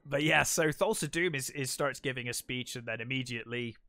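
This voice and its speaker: A man's voice: mid-range voice, a little fast, pushed and bright, dry recording. Man chatting in a dry, close sound. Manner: enthusiastic retelling with many fillers and restarts. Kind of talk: casual chat.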